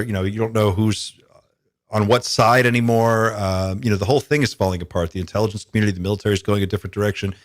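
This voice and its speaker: On a podcast, a male host with a lowish voice thinks aloud in casual conversation, musing and speculating with plenty of fillers. The recording is studio quality with no room sound.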